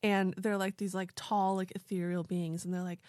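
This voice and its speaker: A woman's voice: mid-range voice, moderate pace, no echo. Chatty woman co-host, dry close sound. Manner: animated storyteller, heavy "like" filler. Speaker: podcast co-host. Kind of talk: casual chat.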